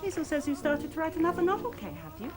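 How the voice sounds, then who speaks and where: A woman's voice: extremely high pitch, fast. A chatty, self-doubting young woman. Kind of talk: televised stage drama.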